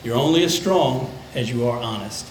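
An older man, a pastor, preaching a conversational sermon that dips into soft, low tones for emphasis. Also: lively intonation, normal speed, echoey room, noisy background. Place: church sanctuary.

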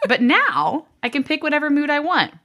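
Giggly woman in her twenties, lively voice. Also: high-pitched, moderate pace, muffled recording. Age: 20s. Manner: giggly, bouncy, laughs often. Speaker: podcast co-host. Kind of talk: casual chat. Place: home, weed whacker outside.

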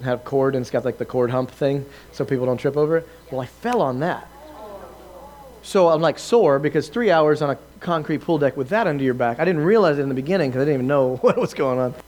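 A man preaching a lively testimony, telling his story with laughs and acted-out quotes to a live audience. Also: medium pitch. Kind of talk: sermon testimony.

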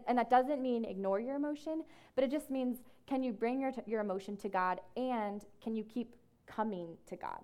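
A woman speaking to a room as ministry staff, casual and conversational with many fillers, slowing down whenever she reads scripture. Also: a little high, darkish tone. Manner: slows down to read scripture. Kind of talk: talk to a group. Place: room with an audience.

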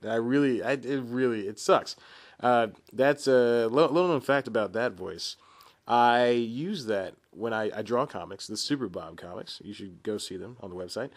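A man in his twenties hosts a solo podcast in a mid-range voice at normal speed. He's chatty and self-deprecating, rambling along with lots of laughs, asides, and restarts.

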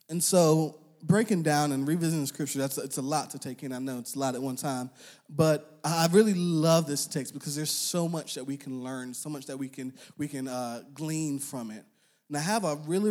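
Casual young male preacher. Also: on the high side. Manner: conversational, uses slang and filler words; animated, acts out quoted voices. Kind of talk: casual sermon.

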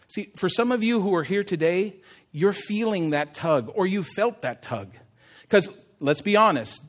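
Animated high-voiced male pastor preaching. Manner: animated, swings from soft to emphatic. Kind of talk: sermon. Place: church.

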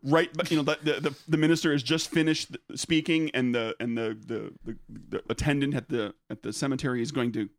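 A man co-hosting a podcast, telling stories in casual comedic chat, rambling with many halting restarts. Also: medium pitch, fairly even intonation. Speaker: podcast co-host.

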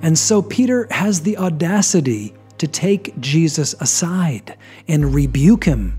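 Man narrating a Bible teaching with dramatic pauses. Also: sing-song, darkish tone, breathy edge, soft background music. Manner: dramatic pauses, drops to low emphasis.

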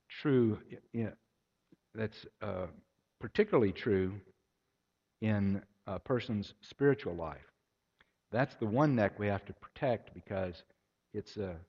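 A man's voice: on the low side, a little mellow. A man preaching a sermon, telling anecdotes and acting out their voices. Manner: storytelling, acts out voices in anecdotes. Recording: echoey hall, dull lo-fi sound.

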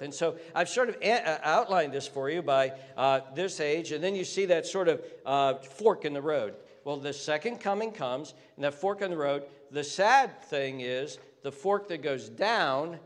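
A man preaching a sermon in earnest, with many restarts and repeated words, rising in pitch when he stresses a point. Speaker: pastor. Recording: long hall reverb.

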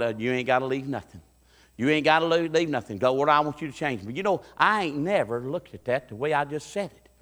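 A man preaching a folksy sermon as pastor, building into excited preaching and acting out voices. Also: mid-range voice, big-room sound. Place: church sanctuary.

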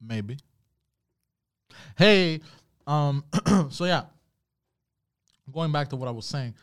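Profane, animated male podcast host. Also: mid-range voice, takes it slowly. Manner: profane, animated storyteller reading chat comments. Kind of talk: casual solo podcast storytelling.

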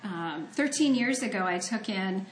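A woman's voice: medium pitch, animated, measured pace, background noise. Earnest woman preaching in an echoey room. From Ohio. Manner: conversational, earnest, personal storytelling. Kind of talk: sermon with scripture reading.

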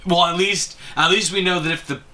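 A man's voice: sits high, fairly even intonation, a little fast, pushed and bright. A man in a casual movie chat, reasoning through plot rules aloud with careful restarts. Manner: analytical, thinks aloud with restarts. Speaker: podcast co-host.

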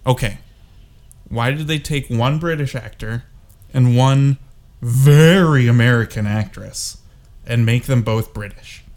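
A man talking casually about a film he just watched, sarcastic and worked up, piling on complaints. His voice sits at an ordinary middle pitch for a man. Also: a little slow, darkish tone. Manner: sarcastic, ranting, exasperated. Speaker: co-host discussing a movie. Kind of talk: casual chat.

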